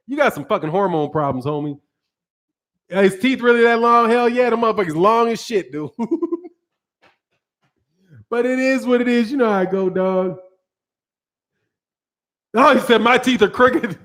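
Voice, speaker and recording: Very high-voiced man ranting on a live stream. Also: expressive, normal speed, long pauses, a bit bright. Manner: slangy, profane, laughing often, answers chat comments. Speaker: boxing channel host. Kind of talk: casual live-stream commentary.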